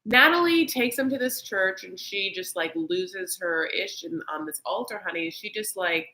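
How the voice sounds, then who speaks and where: A woman's voice: mid-range voice, lively intonation, moderate pace, hardly any pauses, bright, forceful tone, low-quality recording. A woman hosting a casual reality-TV recap chat, chatty and campy, slipping into exaggerated voices to mimic people. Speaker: host.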